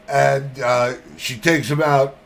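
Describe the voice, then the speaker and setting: A podcast host spins a joke in a slow, unhurried ramble, laughing along the way. His voice is gravelly and swings widely in pitch. A faint hum of noise sits behind him. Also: pushed and bright. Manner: rambling, laughs through the story. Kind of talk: casual chat, telling a joke.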